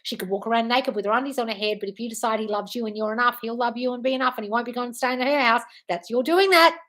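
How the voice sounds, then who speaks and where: A woman manifestation coach answering viewer comments on a livestream, blunt and profane, breaking into loud scolding rants of tough love. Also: a little high, steady tone, rapid-fire.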